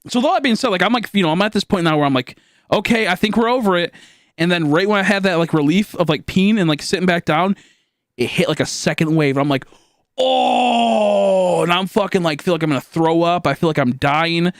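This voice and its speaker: A young man streaming live, telling a long story in a rambling, animated way with lots of fillers and swearing, acting out his own shouts. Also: a little high, fast, dry recording, studio quality. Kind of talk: casual storytelling to a live chat.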